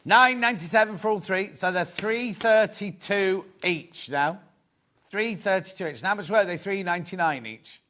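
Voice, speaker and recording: A man presenting a live shopping show, talking briskly and repeating instructions to viewers. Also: high voice, sharp tone.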